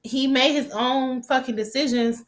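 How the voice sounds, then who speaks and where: A woman giving a casual, animated show recap, swearing freely and acting out the characters' lines, with a stuffy nose from allergies. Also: high-pitched, unhurried. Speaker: TV recap vlogger.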